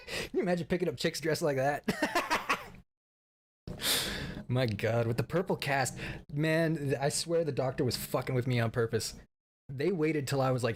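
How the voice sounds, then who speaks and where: A man's voice: medium pitch, a little hiss or hum. Swearing, laughing male streamer. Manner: profane, laughing, rambling. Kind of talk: casual stream update.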